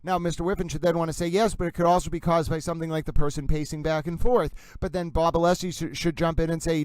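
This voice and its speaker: A man's voice: fairly high pitch, little pitch movement, fast talker, hardly any pauses, darkish tone, clear, resonant tone, no room sound, rough recording. A man hosting a live stream, commenting in a theatrical, mock-grandiose way. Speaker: livestream host.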